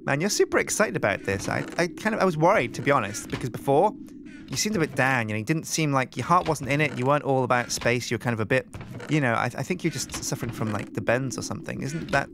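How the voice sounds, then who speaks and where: A man hosting a game let's play, chatting in an animated, rambling way and thinking aloud. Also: mid-range voice, quick pace, vocal fry, noisy background. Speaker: host.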